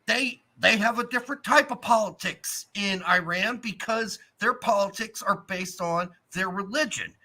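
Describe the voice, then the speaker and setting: A man's voice: sits high, normal speed, few pauses, bright, forceful tone. A man co-hosting a casual sports podcast, ranting with lots of profanity. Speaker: podcast co-host.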